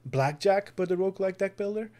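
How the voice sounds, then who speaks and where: On a gaming podcast, a male co-host earnestly and enthusiastically recommends games in casual chat. He speaks fairly quickly in a high-pitched, slightly mellow voice.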